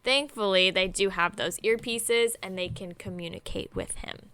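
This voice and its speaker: Bright, crisp young woman recapping a book. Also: mid-range voice, moderate pace. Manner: wry, sarcastic asides while summarizing. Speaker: podcast co-host. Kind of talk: casual chat recapping a novel.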